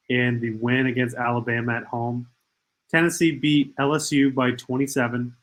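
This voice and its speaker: Young guy hosting a sports pod, rattling off betting picks, emphatic, mid-pitched everyday voice. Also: little pitch movement, a bit bright, low-quality recording. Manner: rapid stat-heavy picks, emphatic. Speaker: podcast host. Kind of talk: sports betting podcast chat.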